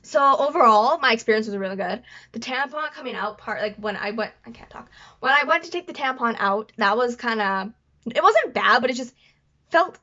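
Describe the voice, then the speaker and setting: A woman's voice: a little high, lively intonation, a little fast, sharp tone. A woman vlogger telling a personal story to camera in a rambling, apologetic way, often stuttering and restarting. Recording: dull lo-fi recording.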